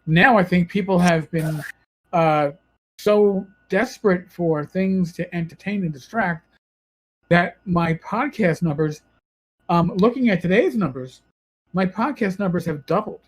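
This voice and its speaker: New york guy hosting a podcast, high-ish voice, rambly chat. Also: unhurried, breathy edge, low-quality recording. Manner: rambling, self-correcting, conversational. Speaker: podcast host.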